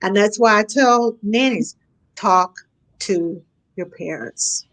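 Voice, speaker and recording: A woman talking as a nanny in a casual conversation, animated and acting out the parents and children she describes. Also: medium pitch. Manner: animated, acts out parents and kids in quick asides. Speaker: nanny guest.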